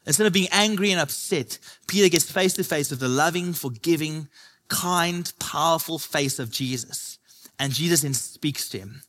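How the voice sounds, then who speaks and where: A man's voice: fairly high pitch, moderate pace, a bit bright. A man preaching a sermon to his church, building his points through impassioned repetition.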